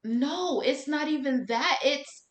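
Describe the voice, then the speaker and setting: A woman in casual podcast chat, telling a story in an animated way and acting out what people said. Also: high-pitched, takes it slowly. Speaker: podcast co-host. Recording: echoey room recording.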